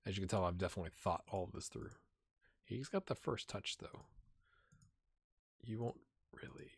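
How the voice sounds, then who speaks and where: A man casually commentating his own football video game, excitable and wry, jumping from loud cheering to quiet muttering. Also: low-pitched, moderate pace, husky. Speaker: gaming channel host.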